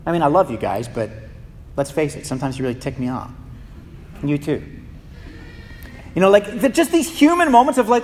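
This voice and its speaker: A man's voice: a little high, sing-song, a little fast, long pauses, a little mellow. A male pastor giving an impassioned sermon in a church, often repeating words as he builds a point. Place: church sanctuary. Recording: reverberant hall.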